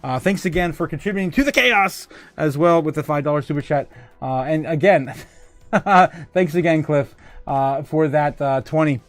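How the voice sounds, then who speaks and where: A man's voice: fairly high pitch, normal speed, no echo, faint music behind. A man hosting a casual livestream who reads out viewer comments, rambling and joking and laughing often. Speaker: livestream host.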